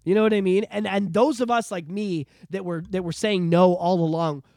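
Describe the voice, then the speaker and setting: High-pitched, swearing Canadian man ranting. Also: normal speed, no echo, clean studio sound. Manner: animated, profane ranting with repetitions. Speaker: podcast host. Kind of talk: casual political chat.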